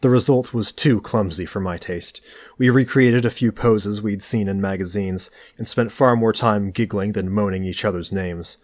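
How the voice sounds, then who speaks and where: A man reading a novel aloud in a calm, dry, understated narration. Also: lowish voice, moderate pace. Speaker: audiobook reader.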